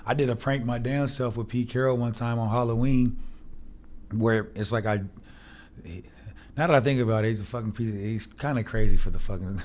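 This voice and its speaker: A man's voice: mid-range voice, a little fast, slight background noise. A man in his thirties, a former football player, telling a rowdy story as a guest, acting out the people he quotes in a raised voice and swearing freely. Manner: animated, profane, acts out quotes with raised voice. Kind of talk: casual storytelling chat.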